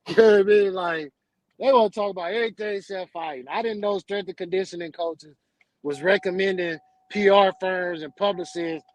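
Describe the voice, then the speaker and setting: A man's voice: high-pitched, dry recording, poor audio. A man hosting a casual sports talk show, talking emphatically in a ranting way and ending many lines with "man".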